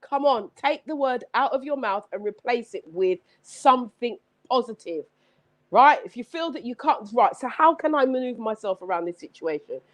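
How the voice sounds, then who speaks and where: A woman hosting a live-streamed motivational talk, energetic and exclamatory, repeating her points like a preacher. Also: on the high side, normal speed. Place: home setup with several screens.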